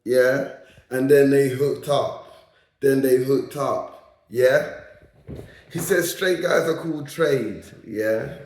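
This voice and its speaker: Brief: young man; slow, deliberate storytelling with constant "yeah?" check-ins; echoey room. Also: mid-range voice, a little mellow, slight background noise. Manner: repeats lines for emphasis, tags phrases with "yeah?". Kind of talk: casual storytelling monologue.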